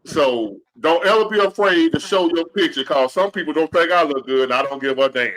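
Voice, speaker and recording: A man's voice: fairly high pitch, brisk, fairly bright tone. A man hosting a casual talk show, speaking in a brash, blunt, joking way. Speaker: host.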